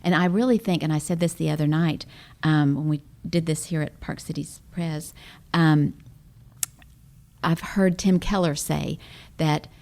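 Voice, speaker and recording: Woman, low voice, earnest, reflective, podcast guest. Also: steady tone, measured pace, darkish tone. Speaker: guest, parenting speaker. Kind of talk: conversational podcast talk.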